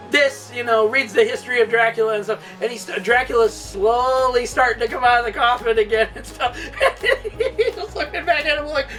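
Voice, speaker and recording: A man's voice: very high voice, sharp tone, far from the mic. A man hosting a casual movie review, rambling and laughing often mid-sentence.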